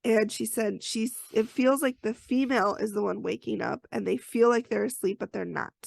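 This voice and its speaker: A woman podcast host with a heavily gravelly, fry-laden voice set a little high. She recaps a story casually, with chatty asides. The sound is dry and close. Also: moderate pace, no room sound.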